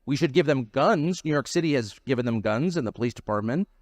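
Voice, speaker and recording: A man's voice: medium pitch, expressive, quick pace, no room sound. A man hosting an interview, asking probing, incredulous follow-up questions. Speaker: interview host. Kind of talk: unscripted interview conversation.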